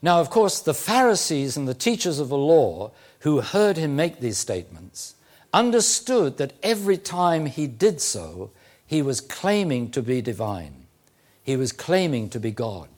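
Man, sermon, unhurried teaching tone, animated pitch, emphatic phrasing. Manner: occasional throat clearing and "uh" fillers. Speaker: preacher.

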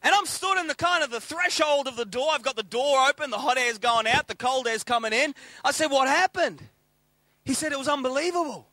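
A man preaching a sermon, telling a lively story and acting out the dialogue. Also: very high-pitched, brisk, no room sound. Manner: lively anecdotal, acts out quoted dialogue.

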